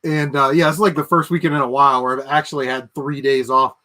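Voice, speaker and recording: A man's voice: medium pitch, flat delivery, fast talker, bright, forceful tone. A man hosting a casual livestream, chatting with viewers and ranting with plenty of swearing and laughter. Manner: ranting, profane, laughs at his own jokes. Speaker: livestream host.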